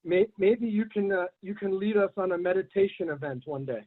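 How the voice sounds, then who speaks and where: A man with a notably high, fairly quick voice hosts a casual online community meeting over a group video call. He rambles a bit and gives blunt advice, and his audio sounds thin and tinny, like a phone line.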